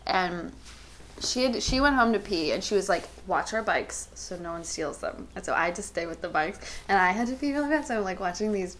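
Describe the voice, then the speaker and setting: A woman's voice: mid-range voice, animated, fast talker, fairly bright tone. A woman comedian sits in as a podcast guest and tells crude, candid stories, often breaking into laughter as she rambles through them. Her voice sits in an ordinary middle range. There is a faint hum of noise under her voice. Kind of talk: casual podcast chat, reading listener stories aloud.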